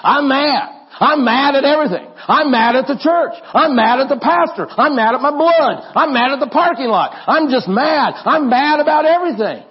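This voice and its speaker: Preacher doing a loud mad wrestler voice, ranting, high and pushed, lo-fi. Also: male voice, animated, moderate pace, hardly any pauses. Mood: angry. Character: angry loud wrestler, grown man, mad at everything.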